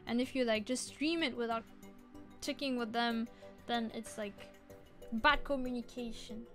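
A high-voiced woman chatting playfully with her viewers during an art stream. She is sleepy and keeps holding back yawns, yet she stays bubbly. Soft music plays faintly behind her. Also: steady tone, a little slow. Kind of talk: casual chat while drawing.

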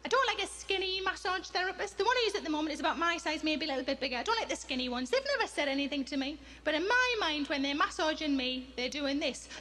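A woman in her forties doing stand-up comedy on a theatre stage, telling a story in a deadpan way with repeated comic questions. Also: high voice, fast talker, few pauses. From England. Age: 40s. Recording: comedy stage with loud audience noise.

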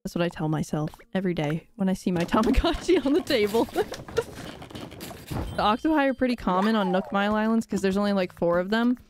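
A woman's voice: mid-range voice, animated, fast talker, hardly any pauses, a little mellow, slight background noise. A young woman chatting casually on a live game stream, rambling and laughing often with dramatic sighs. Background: faint game music.

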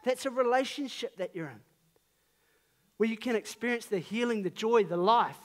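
High-voiced New Zealand man preaching. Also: animated, moderate pace. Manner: earnest, conversational, emphatic rises on key phrases. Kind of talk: sermon.

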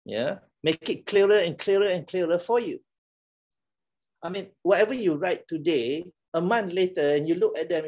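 A man's voice: high voice, moderate pace, a little mellow. A middle-aged man with a Malaysian English accent, giving a playful, teasing classroom talk and laughing often. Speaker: lecturer.

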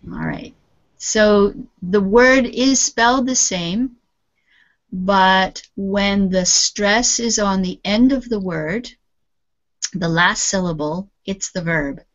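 Slow patient woman teaching English. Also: mid-range voice, big pitch swings. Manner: patient, explains and models pronunciation slowly. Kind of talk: online English lesson. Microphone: computer mic on a video call. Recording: dull lo-fi call audio.

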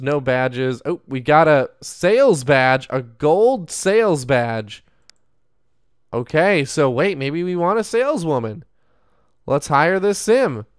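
Playing through a game, a young man gives chatty, upbeat Let's Play commentary, speaking straight to his audience as "you guys." This gaming YouTuber has a medium-pitched voice, clean in tone, with no room sound.

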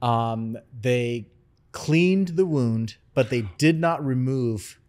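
A man hosting a podcast interview, asking short, calm follow-up questions. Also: medium pitch, slow. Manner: brief affirming backchannels, calm follow-up questions. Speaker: podcast host. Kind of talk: interview conversation.

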